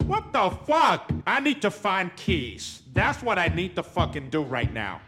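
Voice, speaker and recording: A young man giving loud, profane, panicky commentary while playing a horror game. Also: high-pitched, big pitch swings, moderate pace, few pauses, soft background music. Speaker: gamer streamer.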